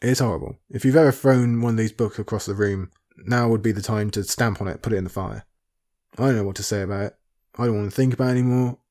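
A man's voice: on the low side, fairly even intonation, fast, warm tone. A man hosting a book discussion, giving an earnest, heartfelt chapter-by-chapter commentary, talking without a script. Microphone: phone nearby, talking unscripted.

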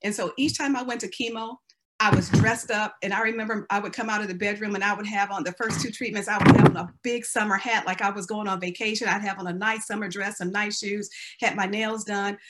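A middle-aged American woman tells her own story of getting through cancer. She speaks earnestly and with conviction, her faith running through every line, in a voice of everyday pitch. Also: steady tone, fairly quick, very noisy. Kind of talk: personal testimony.

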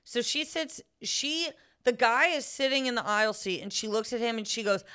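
A young woman co-hosting a podcast, telling a story in an animated, profane way and acting out what others said. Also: fairly high pitch, normal speed, smooth. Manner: animated, profane, acts out quotes. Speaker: podcast co-host. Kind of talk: casual chat, storytelling.

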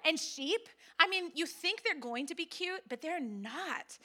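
A woman pastor in her thirties preaching a sermon, telling the story with animated, playful asides. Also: very high-pitched, unhurried.

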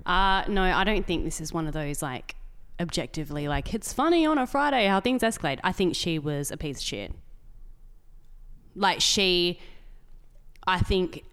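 A woman co-hosting a casual chat podcast, blunt and supportive, reacting with loud exclamations. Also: fairly low pitch, very animated, moderate pace, long pauses, smooth. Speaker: podcast co-host.

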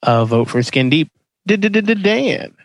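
A man hosts a casual movie podcast, excitable and swearing freely, with a fairly high voice. His words tumble and trip as he runs the votes. The sound is dry and close. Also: normal speed, dry recording. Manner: profane, excitable, stumbles over words. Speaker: podcast host running a movie bracket. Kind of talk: casual chat.

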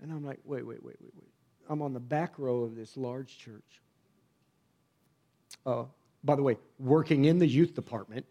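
Middle-aged pastor guy telling his testimony from the pulpit, kinda high voice, goes quiet then loud. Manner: conversational storytelling, swings from hushed to emphatic. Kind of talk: sermon testimony.

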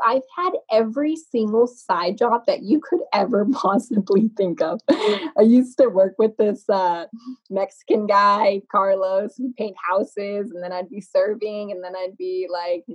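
A young woman makeup artist, a podcast guest, tells her story in a casual interview with a mid-range, breathy-edged voice. She's chatty, laughs often, and uses lots of fillers, and the lo-fi recording sounds slightly dull.

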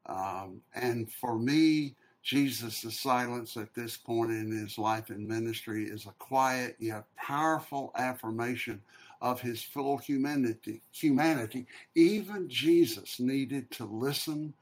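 A man leading a Bible study discussion, speaking in a slow, measured, reflective way and posing questions to the group. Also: mid-range voice. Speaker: discussion leader.

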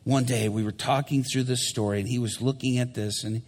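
A man preaching in sermon storytelling style, swinging between loud bursts and hushed whispers. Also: medium pitch, steady tone, a little fast, long reverb tail.

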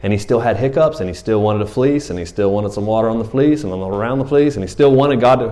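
A middle-aged man preaching a sermon, telling a story in a casual, animated way with slang and laughs. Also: lowish voice, quick pace, hardly any pauses. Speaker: pastor.

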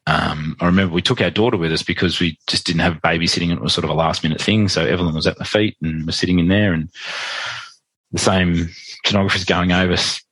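A man's voice: low voice, fairly even intonation, fast, fairly bright tone, slightly rough, no room sound. A father who is a podcast guest, telling a personal story in a chatty way, re-enacting dialogue with lots of "like" fillers.

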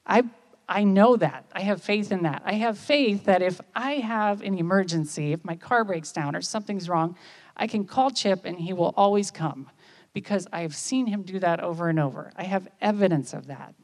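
A woman, giving a conversational sermon and often checking in with listeners with quick questions. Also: medium pitch, darkish tone. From United States. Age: 50s. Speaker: speaker at church.

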